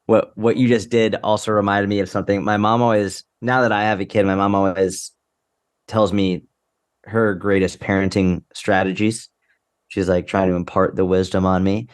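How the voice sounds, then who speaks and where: A young man co-hosting a podcast, talking in a relaxed, offhand way. His voice sits a little low, and he trips over his words and restarts sentences as he goes. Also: moderate pace, clear, resonant tone. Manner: laid-back, swears casually, stumbles and restarts. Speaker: podcast co-host. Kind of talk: casual chat.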